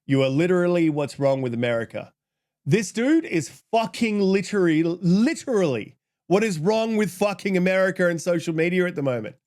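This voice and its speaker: A channel host with a high-pitched voice delivers brisk, ranting commentary, swearing freely as he tears apart an online argument, heated and exasperated. When he reads the other side's tweets aloud, his tone goes flatter.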